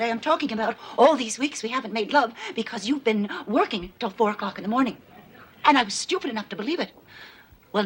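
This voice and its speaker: An actress playing an anxious, suspicious middle-aged wife in a sitcom, shrill and accusing, swinging to teary. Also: female voice, slight background noise, lightly acted. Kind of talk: sitcom acting before a studio audience.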